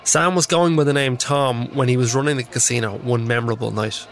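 A man hosts and narrates a true-crime podcast, reading a scripted account in a measured, explanatory way. His voice is pitched in the ordinary middle range. Soft music runs beneath him. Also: fairly even intonation.

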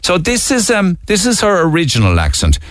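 A man's voice: sits high, wildly swooping pitch, brisk, no echo, clean studio sound. A man from Cork with a Cork Irish accent, hosting morning radio in a chatty, musing way as he goes through the papers. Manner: chatty, musing, reads out newspaper items. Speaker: radio show host. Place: radio studio.

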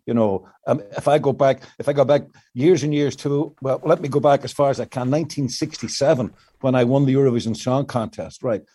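A man's voice: mid-range voice, a little fast, few pauses, warm tone, slightly rough. An older male songwriter explaining his craft at length in an interview, with many restarts. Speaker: songwriter guest. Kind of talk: reflective interview answers.

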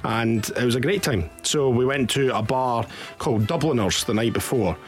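A young Scottish man co-hosting a football podcast, telling stories in a lively, animated way. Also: mid-range voice, moderate pace, faint music behind. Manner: animated storyteller with lively quoted voices. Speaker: podcast co-host. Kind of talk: casual podcast chat, storytelling.

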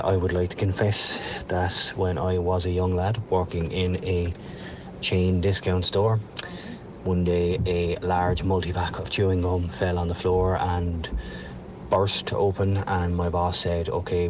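A man tells a story in a deadpan, flat delivery with a very deep voice. Steady noise runs under the line. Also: a little slow, recorded from a distance. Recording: noisy line.

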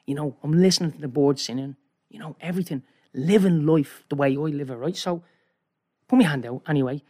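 A man with an Irish accent telling a rambling, animated story as a guest, often checking in with "right?". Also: fairly high pitch, a little fast. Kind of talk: casual storytelling.

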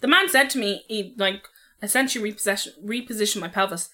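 A woman's voice: medium pitch, fast, bright, forceful tone. A woman co-hosting a podcast, chatting casually with laughter and swearing. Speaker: podcast co-host. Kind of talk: casual chat.

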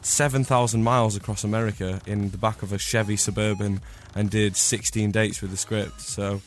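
A young man from Scotland, a singer guest, chatting in a radio interview with a slightly hoarse voice from flu, rambling and laughing often. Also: lowish voice, fairly even intonation, normal speed. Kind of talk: casual radio interview chat. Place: radio studio.

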